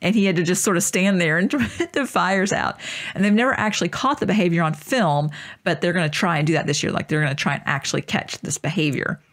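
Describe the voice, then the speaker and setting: A woman's voice: on the low side, quick pace, a bit bright. Giggly woman reading out news stories. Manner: laughs often, relays news stories. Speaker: podcast co-host. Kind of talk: casual chat.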